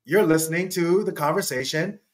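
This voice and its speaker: A man talking as a podcast guest in a casual storytelling style. He is animated and laughs often, swinging his pitch up when he acts out quotes. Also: a little fast.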